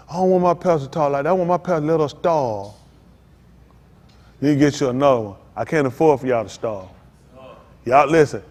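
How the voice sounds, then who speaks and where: A man's voice: fairly high pitch, brisk, pauses often, a little mellow, big-room sound. A man preaching a sermon as pastor, fervent and repetitive in casual vernacular speech.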